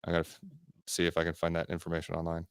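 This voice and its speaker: A man's voice: deep voice, completely flat delivery, rapid-fire, smooth, dry recording, studio quality. A man co-hosting a podcast in casual chat, blunt and ranting, swearing often. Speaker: podcast co-host.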